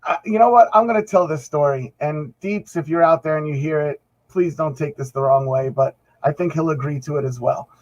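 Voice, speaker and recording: A man, his voice sitting a little high, rambles through a story and acts out the quotes of other people. The sound is dull and lo-fi. It is a relaxed podcast chat. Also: a little fast, few pauses. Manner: rambling anecdotes with acted-out quotes. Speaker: podcast guest, band musician.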